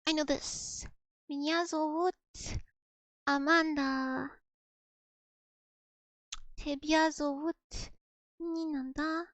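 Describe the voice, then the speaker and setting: A woman's voice: sits high, little pitch movement, takes it slowly, dry recording. A young woman streaming casually, giggling and repeating practice words over and over as she learns to pronounce them.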